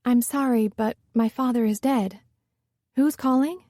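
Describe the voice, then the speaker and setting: A woman voicing a heartfelt young woman in love, earnest and expressive. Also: a little high, unhurried, no room sound, studio quality. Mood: guarded.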